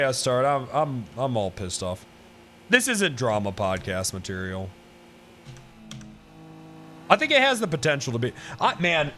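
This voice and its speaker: A man's voice: mid-range voice, pushed and bright, slight background noise. A man chatting casually with his livestream viewers. He swears freely, laughs often and works himself up into mock outrage.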